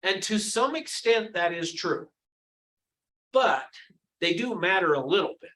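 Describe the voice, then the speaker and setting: A high-pitched man runs a sales training session. He is animated and demonstrative and quizzes his audience as he acts out phone calls. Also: unhurried, low-quality recording. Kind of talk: live training session with role-play.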